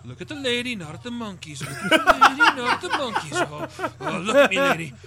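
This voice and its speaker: A man's voice: extremely high pitch, very animated, brisk, over a noisy crowd, pitched above the performer's own voice. A man voicing a leering man who gives eager, breathless running commentary on a slideshow of women.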